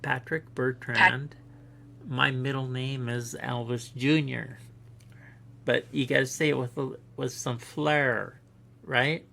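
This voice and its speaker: A live-stream host chatting casually, hesitant and halting, stopping often to spell out names. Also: medium pitch, little pitch movement, creaky, sharp tone. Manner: hesitant, halting, with many fillers.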